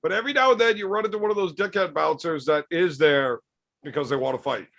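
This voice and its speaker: A man spins rough, profane stories in a relaxed podcast chat. His voice sits a little high and has a gravelly fry, and he slips into the voices of the people he describes. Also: fast talker. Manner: animated, acts out quoted voices. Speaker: podcast storyteller. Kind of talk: casual profane storytelling.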